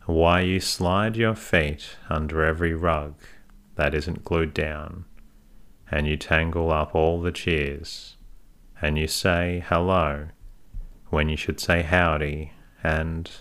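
A man's voice: very deep voice, fairly bright tone, full character voice. A man reading the part of a stern older woman who scolds a girl in folksy rural speech, withering and sniffing. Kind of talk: audiobook reading.

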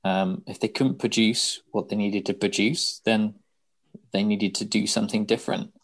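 A lower-pitched man chatting on a gaming podcast as co-host. He speaks calmly and matter-of-factly, making his points plainly. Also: moderate pace. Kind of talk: casual gaming podcast chat.

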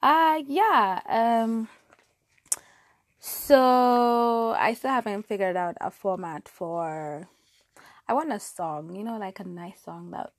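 Slow and medium-pitched, a young woman's voice carries her casual solo bedroom podcast, with no room sound. She's a chatty, self-deprecating host who leans on fillers and restarts, recorded through a lapel mic clipped to her hair.

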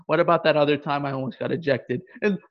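Sex: man. Role: baseball coach. Style: casual storytelling chat. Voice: high-pitched, excitable. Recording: dull lo-fi. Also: fast talker. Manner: excitable, acts out quotes in a raised voice.

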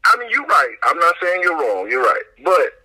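A man's voice: a little high, very animated, normal speed, sharp tone, husky, poor audio. A man guesting on a podcast, joking animatedly in casual chat and repeating himself as he builds up a point.

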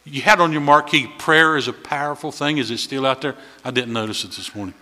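A man preaches in a church, telling folksy stories with a bright, forceful voice. His voice swells louder at key points, and a long reverb trails after his words in the hall. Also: medium pitch, a little fast. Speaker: visiting preacher. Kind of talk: sermon. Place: church sanctuary.

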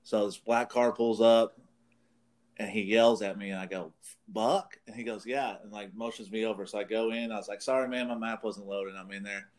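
A man with a fairly low voice tells a long, meandering anecdote in easy conversation. He swears freely and keeps laughing at his own story. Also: steady tone, brisk. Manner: rambling, profane, laughs through his story. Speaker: podcast co-host. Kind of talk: casual storytelling chat.

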